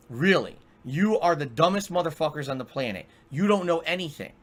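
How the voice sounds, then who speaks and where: A man's voice: fairly high pitch, a bit bright. A male streamer in an angry, profane rant, exasperated and repeating himself.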